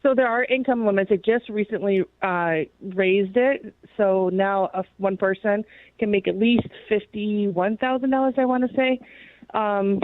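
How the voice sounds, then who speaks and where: A woman's voice: mid-range voice, a little slow, dry recording. A female guest explaining loan programs, hesitant with many fillers, over a phone line. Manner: hesitant, lots of "um", self-correcting.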